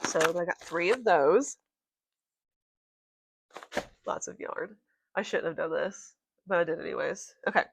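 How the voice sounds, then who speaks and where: A woman's voice: on the low side, normal speed, vocal fry, very noisy. A woman vlogging about crochet in a casual, rambling, chatty way. Her voice is congested and nasal. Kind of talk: casual show-and-tell chat.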